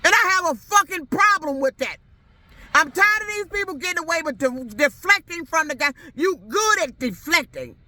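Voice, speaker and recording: An irate woman rants straight to camera, her high voice swinging wildly up and down as she hammers the same questions again and again. Her tone is bright and cutting, and she swears freely. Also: animated, moderate pace, dry recording. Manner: irate, profane, repeats herself. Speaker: vlogger. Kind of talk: angry rant to camera.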